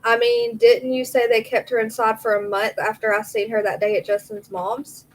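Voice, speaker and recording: A woman's voice: a little high, moderate pace, poor audio. Chatty woman hosting a live stream. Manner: chatty, answers viewer comments by name. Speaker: true crime live stream host. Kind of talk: casual live stream chat, reading messages aloud.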